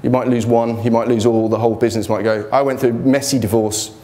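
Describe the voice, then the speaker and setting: A man's voice: mid-range voice, flat delivery, fast talker, dark tone. A man giving an informal motivational talk about his business failures, blunt and joking, speaking in a students' union hall.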